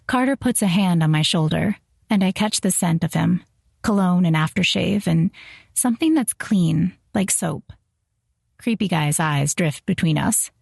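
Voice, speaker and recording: A woman's voice: on the low side, lively intonation, unhurried, vocal fry, a little mellow, husky, no echo, clean studio sound. A woman reading a romance audiobook in first person, wry and self-conscious. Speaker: audiobook narrator.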